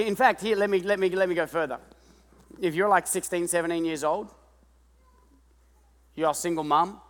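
A pastor in his thirties preaching a lively sermon, breaking into shouted impressions of kids and parents. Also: on the high side. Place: church hall. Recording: long reverb of a large church hall.

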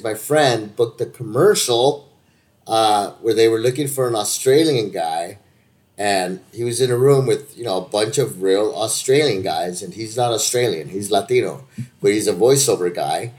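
A man's voice: on the low side, normal speed, darkish tone. A man in casual chat, laid-back, laughing often and swearing.

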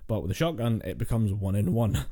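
Male podcast co-host, mellow timbre, rambling casual storyteller who swears and laughs. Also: lowish voice, animated, brisk. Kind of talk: casual gaming chat.

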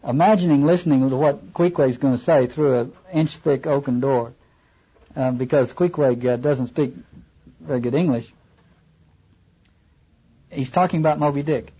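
A man's voice: mid-range voice, normal speed, long pauses, slightly rough, highs cut off. A man lecturing on literature, reading passages aloud and adding wry asides.

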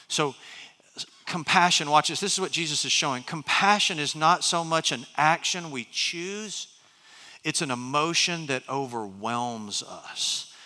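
Animated pastor preaching. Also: male voice, fairly high pitch, big-room sound. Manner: animated, storytelling with many restarts and asides. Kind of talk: sermon. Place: large church hall.

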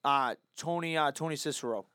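A young man chatting eagerly with a friend, cursing and throwing in dude constantly. His voice is bright and a little high. The recording is close and dry. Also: fairly quick, clear, resonant tone, dry recording. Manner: excitable, profane, says dude a lot. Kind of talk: casual chat.

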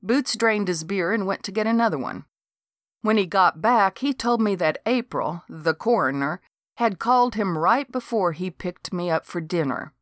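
A woman narrating a novel in a steady, measured storytelling manner. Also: medium pitch, no room sound, studio quality. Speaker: audiobook narrator. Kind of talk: novel reading.

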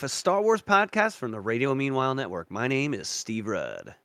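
In casual podcast conversation, a male co-host spins lively stories and voices the people in them himself. He speaks at a moderate pace with a medium-pitched voice.

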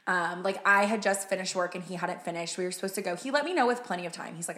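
A woman's voice: lowish voice, fast talker, fairly bright tone. A young woman in casual chat, telling a story with lots of "like" and casual swearing. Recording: roomy echo.

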